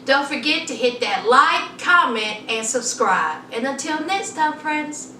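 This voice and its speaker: A woman recapping a reality TV show in a sassy, drawling, animated way. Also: high-pitched, measured pace, echoey room, far from the mic, a little hiss or hum.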